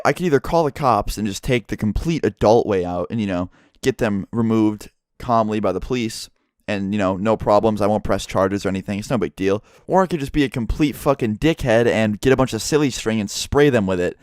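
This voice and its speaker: A young man with a low, smooth, clear voice tells a story to his vlog audience. His delivery is casual and blunt, full of swearing. The sound is close and dry. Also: brisk, dry recording. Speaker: vlogger.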